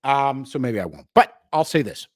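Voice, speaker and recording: Brash young male livestream host, profane and slangy, bursts loud then drops low, very animated delivery. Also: moderate pace, dry recording, clean studio sound. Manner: jumps between shouting and low asides. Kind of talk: unscripted livestream rant.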